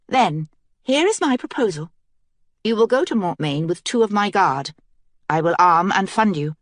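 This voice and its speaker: A woman's voice: medium pitch, lively intonation, normal speed, no echo, clean studio sound, close to an everyday voice. A woman voicing a determined young queen in an audiobook, speaking earnestly and with command.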